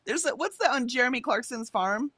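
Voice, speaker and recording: A woman's voice: fairly high pitch, lively intonation, fairly quick, bright, forceful tone, slightly rough, no echo. An American woman co-hosting a livestream in casual chat, reading out viewer comments and laughing often. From United States. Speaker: livestream co-host.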